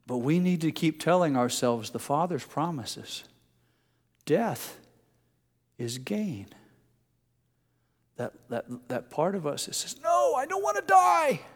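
A male pastor preaching a sermon in a conversational way, mixing homely anecdotes with passages where he drops to a soft, hushed emphasis. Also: on the high side. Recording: long hall reverb.

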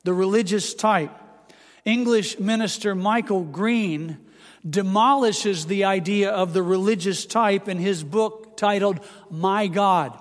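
A man preaching a sermon, earnest and measured, pausing dramatically around quotes. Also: sits high. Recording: long hall reverb.

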